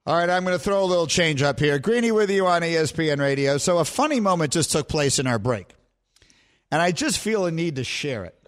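A middle-aged man talking on a sports radio show with a slightly high, very lively voice. He tells stories in a rambling, animated way, and laughs as he goes. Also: a little fast. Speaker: radio host. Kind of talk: casual chat on sports radio.

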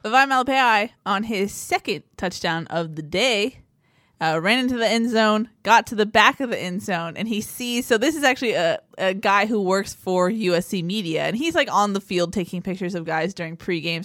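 Woman sports reporter on a podcast, lively storyteller, middle pitch, dry close mic. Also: moderate pace, no room sound. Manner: animated storytelling, acts out quotes. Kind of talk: casual sports chat.

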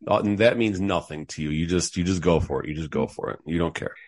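Man co-host, deep voice, relaxed sports-talk chatter with frequent restarts. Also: quick pace. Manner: easygoing, repeats words when starting a thought. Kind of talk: casual hockey talk.

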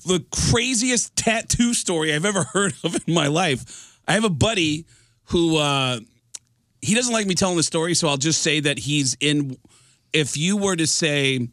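A man hosting a podcast, telling a comic story in an animated way with laughter through it. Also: a little high, no room sound. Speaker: podcast host.

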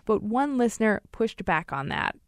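A woman's voice: mid-range voice, big pitch swings, moderate pace. Woman host introducing a podcast. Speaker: senior producer and host.

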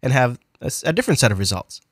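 A man's voice: mid-range voice, big pitch swings, racing, a bit bright, slightly rough, no echo. A man hosting a casual science podcast, rambling and playful, with a cold that strains his voice. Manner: rambling, self-correcting, playful asides. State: has a cold, losing his voice. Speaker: podcast host.

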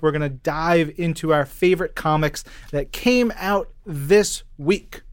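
Smooth-voiced upbeat male podcast host. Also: fairly high pitch, no room sound, clean studio sound. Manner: upbeat, joking, quick asides. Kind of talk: casual podcast chat.

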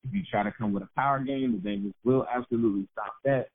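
A man's voice: medium pitch, quick pace. A man co-hosting a podcast, talking casually about football and laughing at himself. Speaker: podcast co-host. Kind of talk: casual sports talk. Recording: narrow phone-like sound.

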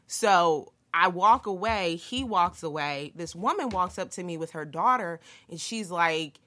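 A young woman with a lowish but bright, forceful voice tells a story in relaxed chat. She swears freely and acts out the people in it with lively energy. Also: unhurried, hardly any pauses.

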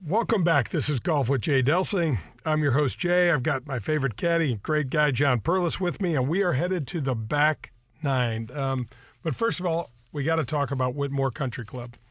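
A man's voice: on the high side, moderate pace, dry recording. Man, radio golf show host, chatty, rambling, dry studio sound. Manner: rambling and chatty, many fillers. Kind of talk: casual radio talk with live sponsor reads. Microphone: studio microphone.

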